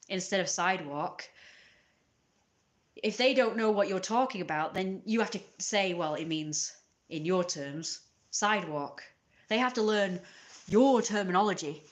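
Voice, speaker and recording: A British woman talking straight to her viewers in a passionate, blunt, exasperated way. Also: mid-range voice. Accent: British English. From Britain. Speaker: YouTuber. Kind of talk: casual rant to camera.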